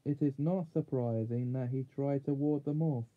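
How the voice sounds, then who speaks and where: A man reading a children's fantasy chapter book aloud in a measured way, now and then correcting small slips. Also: medium pitch. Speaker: audiobook reader. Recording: tinny phone-like sound.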